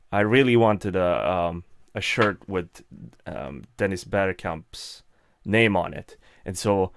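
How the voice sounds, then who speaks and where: A man's voice: deep voice, clean tone, no room sound, clean studio sound. A young man, chatting casually and laughing often as he reads out and answers live chat. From Sweden.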